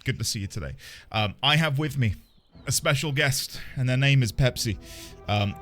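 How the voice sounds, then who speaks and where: A man's voice: on the high side, lively intonation, a little fast, over music. A man live-streaming a game, chatting playfully with viewers, with theatrical asides and frequent laughter.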